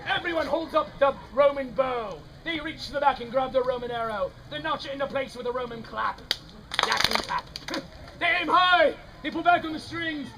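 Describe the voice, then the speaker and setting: A woman's voice: high voice, normal speed, noisy background. A woman narrating an interactive comic street-theater show, playfully ad-libbing and calling out lines for the audience to repeat. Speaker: comedic storyteller leading audience participation. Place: outdoor fair stage. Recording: outdoor recording with a loud crowd. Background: loud live audience.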